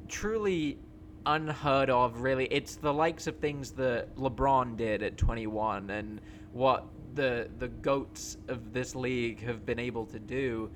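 Excited, rambling man talking sports. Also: medium pitch, slight background noise. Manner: excited, rambling, many "like" fillers. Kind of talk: casual sports chat.

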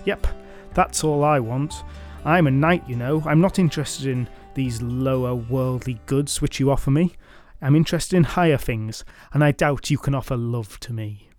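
A man voicing a boastful, lecherous, drunken knight, all loud blustering bravado. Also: medium pitch, normal speed, hardly any pauses, faint music behind, natural voice.

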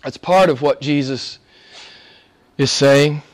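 A male pastor preaching a sermon, emphatic, swinging between loud exclamations and hushed asides. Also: on the high side, slow pace.

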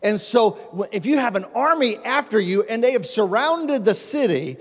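High-voiced preaching man in a reverberant hall. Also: lively intonation, moderate pace. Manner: conversational preaching that calls on the congregation; repeats and builds phrases with rising emphasis. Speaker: pastor. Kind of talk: sermon. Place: church sanctuary. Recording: long reverb of a large hall.

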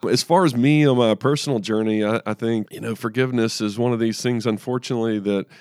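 A man's voice: mid-range voice, fairly even intonation, fast talker, darkish tone, no room sound, clean studio sound. A man in his thirties co-hosting a faith podcast, telling personal stories in an earnest way with frequent restarts. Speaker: podcast co-host. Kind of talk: casual faith discussion.

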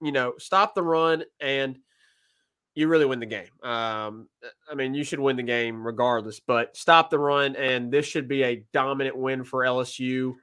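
A man's voice: mid-range voice, normal speed, bright, forceful tone, smooth. A man co-hosting a sports podcast, chatting casually and often laughing, with plenty of fillers.

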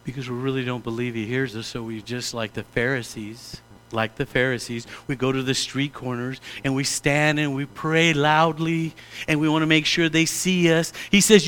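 A middle-aged man preaching a sermon as pastor, animated and direct, slipping into mock-pompous prayer voices to make a point. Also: medium pitch, normal speed, clean tone.

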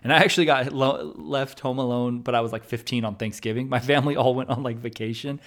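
Laughing, loud podcast host man. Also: medium pitch, fairly even intonation, quick pace. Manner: loud, laughing, swears freely. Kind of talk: casual chat.

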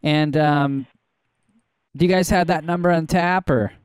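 A man calls in and hesitates through his details with a steady stream of ums. His voice sits fairly high and sounds smooth and clear. The sound is dry. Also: a little slow, no echo. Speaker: caller.

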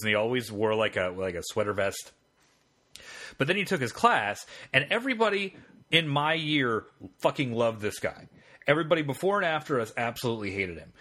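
A man's voice: fairly low pitch, bright, forceful tone. A man co-hosting a podcast, telling long rambling anecdotes in casual chat. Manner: rambling storyteller with frequent fillers and restarts. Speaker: podcast co-host.

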